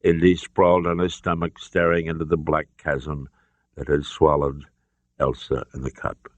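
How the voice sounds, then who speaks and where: A man's voice: a bass voice, monotone, moderate pace, dry recording. A man reading an adventure story aloud with dramatic narration. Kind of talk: scripted narration. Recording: dull dry lo-fi audio.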